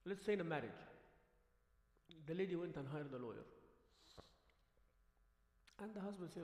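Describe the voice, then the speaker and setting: A high-pitched man preaches in a mosque hall, his voice ringing with long reverb. He talks in a loose, conversational way, acting out the voices of the people he talks about and slipping in Arabic words. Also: normal speed, long pauses. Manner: animated, acts out quoted voices, sprinkles Arabic words. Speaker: imam. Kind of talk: conversational sermon. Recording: echoey hall livestream.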